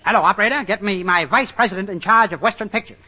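A male comedian bellows as a blustering movie producer in 1940s radio comedy style. His voice rides high and bright. The broadcast is muffled, with a faint hiss. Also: fast talker. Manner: bombastic, booming exclamations.

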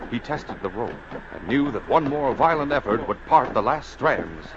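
A man's voice: medium pitch, expressive, normal speed. A man narrating a radio adventure drama with urgent, suspenseful delivery. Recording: muffled old radio recording with hiss.

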